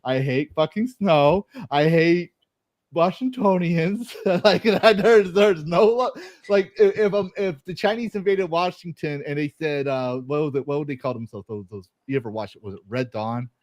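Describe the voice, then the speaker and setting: A man's voice: on the high side, moderate pace, no echo. A man with a faded Texas accent hosting a podcast, telling a profane, rambling story and laughing often. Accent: American, faded Texas. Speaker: podcast host. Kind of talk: casual chat.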